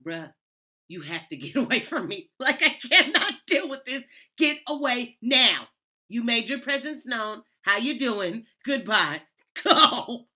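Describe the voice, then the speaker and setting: A woman voicing a panicked young female coworker who loudly shoos away a ghost, shrill and exasperated. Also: very animated, a little slow, exaggerated voice.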